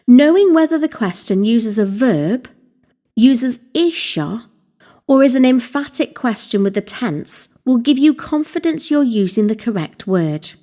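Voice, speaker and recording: A woman narrating a scripted Welsh language lesson, slowly spelling out words and examples. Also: on the high side, sing-song, warm tone. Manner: slow, deliberate, spelling out vocabulary.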